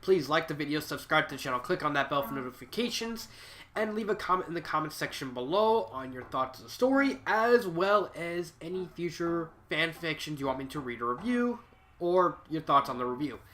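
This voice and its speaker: A man's voice: fairly high pitch, lively intonation, fairly quick, pushed and bright. A young man with a stuffy head cold, giving a rambling, casual spoken review of a fan fiction and often restarting his sentences. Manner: rambling, self-correcting, frequent restarts.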